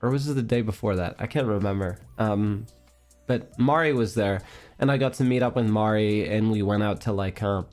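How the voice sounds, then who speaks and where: A man's voice: fairly low pitch, normal speed, darkish tone, soft background music. A congested young man hosting a livestream, telling a story in casual chat with lots of fillers and frequent laughs. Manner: rambling, laughs often, many fillers. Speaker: livestream host.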